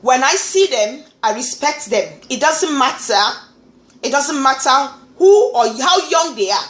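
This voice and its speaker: A woman from Nigeria with a Nigerian accent, talking in an animated vlog monologue and often repeating words. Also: high-pitched, a little slow, reverberant. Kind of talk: casual monologue.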